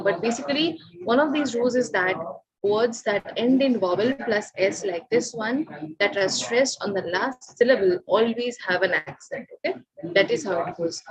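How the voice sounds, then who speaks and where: A woman teaching a Spanish class, explaining a rule and often asking the students whether it is clear and urging them to raise their hands. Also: a little high, low-quality recording. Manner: repeatedly checks understanding, coaxing students to raise hands. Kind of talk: online class lecture. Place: classroom or online class session.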